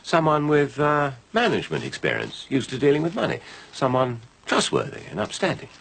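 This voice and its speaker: A man playing a smooth-talking, scheming businessman who persuades people gently in a TV soap drama. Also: medium pitch, wildly swooping pitch, brisk, heavily acted.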